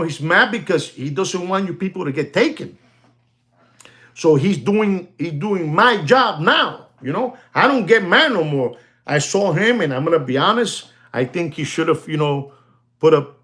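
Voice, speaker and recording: An animated man talks to his viewers in a loose, rambling way, circling back and repeating himself. His voice sits a little higher than most men's. He often calls out to the audience as "ladies and gentlemen.". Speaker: watch dealer hosting a sales stream. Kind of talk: rambling casual sales talk.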